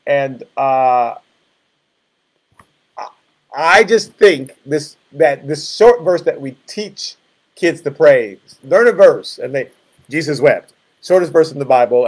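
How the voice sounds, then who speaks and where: Man, 60s, pastor, easygoing Bible-study teacher, reflective, meandering asides. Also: mid-range voice. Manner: conversational, reflective, rambling asides.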